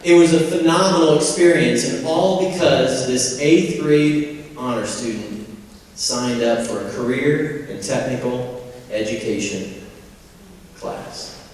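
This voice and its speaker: A man's voice: medium pitch, slow, a little mellow. A man in his forties from Indiana giving a folksy, humorous motivational speech as a convocation speaker. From Indiana, USA. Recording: echoey hall from far off.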